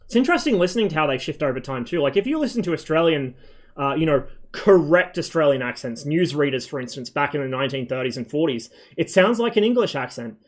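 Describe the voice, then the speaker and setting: A man's voice: fairly high pitch, sing-song, fast talker. A man streaming a flight game, chatting in a loose, rambling way with frequent swearing and plenty of ums. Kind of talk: casual rambling stream chat.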